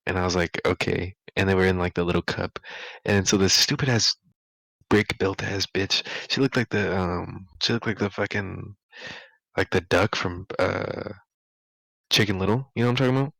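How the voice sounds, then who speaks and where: A man's voice: low-pitched, normal speed, vocal fry, fairly bright tone, dry recording, low-quality recording. Rambling young man telling school stories. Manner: rambling, laughing, full of "like" fillers. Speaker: podcast co-host. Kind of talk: casual storytelling chat.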